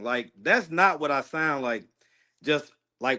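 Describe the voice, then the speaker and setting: A man's voice: on the high side, animated, normal speed, bright, forceful tone. A man chatting casually with viewers on a phone livestream, indoors in his apartment. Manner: chatty, addresses viewers directly, easygoing.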